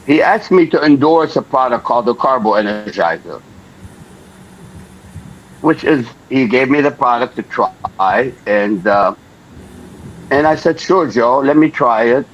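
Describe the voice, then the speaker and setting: Speaking slowly with long pauses, an older man from Lebanon recounts a story during an interview, his voice medium in pitch. He animatedly performs the voices of the characters. Slight background noise accompanies a dull, lo-fi recording.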